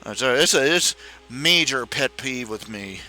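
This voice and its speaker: Animated man ranting, bright voice. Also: mid-range voice, unhurried, soft background music, poor audio. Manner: animated, mocking parents in raised voices; rambling with restarts. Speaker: podcast host. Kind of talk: casual rant.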